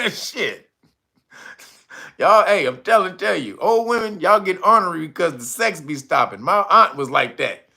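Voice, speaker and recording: A man's voice: high voice, lively intonation, measured pace, vocal fry, sharp tone. A man hosting a livestream, reading a news item and riffing on it with crude jokes, laughing often and greeting viewers in the chat. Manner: laughs a lot, crude and rambling, reads chat names aloud. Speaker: livestream host. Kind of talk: loose comic commentary on a livestream.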